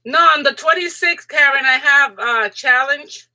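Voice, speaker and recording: Middle-aged woman hosting a live craft stream. High, bright, giggly voice that climbs when she's excited. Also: a little slow. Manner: excitable, giggly, chatty, talks to viewers in chat. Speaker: crafting channel host. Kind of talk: casual live stream chat.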